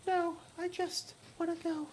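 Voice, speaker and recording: A man voicing a listless, absent-minded young woman hitchhiker in a high, soft, distant falsetto. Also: level tone, a little slow, a little hiss or hum.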